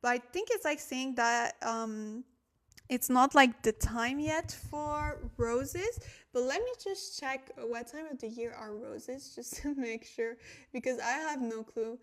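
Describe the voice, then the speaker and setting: A woman's voice: high voice, slow pace. A young woman, a little tired, hosting a chatty language-study livestream, thanking viewers and laughing at her own slips. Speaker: Korean language livestream host. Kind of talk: casual livestream teaching.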